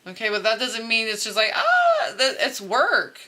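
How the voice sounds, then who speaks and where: A woman's voice: on the high side, normal speed, sharp tone, slight background noise. A woman giving a casual, chatty spiritual tarot reading straight to her viewers, laughing often and swearing freely. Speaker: tarot reader.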